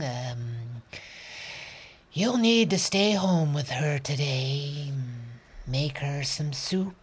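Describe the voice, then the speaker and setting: A tired, gentle woman doctor from a storybook, as a male reader puts her on, speaks in a hushed, husky voice. She talks slowly and hesitantly, halting on ums. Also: a little high, voice pushed up, exaggerated voice. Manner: soft, hesitant, lots of ums. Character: weary, kind woman doctor.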